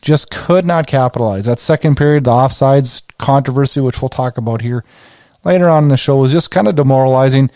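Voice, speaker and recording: A man talks through a game recap in a casual, conversational way and gets worked up as he recounts his reactions. His voice is warm and mellow. It is recorded dry, with no room sound. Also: medium pitch, fast talker, dry recording. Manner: excitable, conversational, retells his own reactions. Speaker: podcast host.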